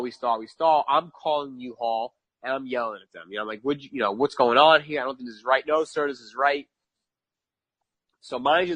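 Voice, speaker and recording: A man from New York chats as a podcast guest, spinning a long story with lively emphasis. He often repeats phrases and laughs at his own bad luck. His voice sits in a middle pitch, and the recording is dry and close. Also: dry recording. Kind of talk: casual storytelling.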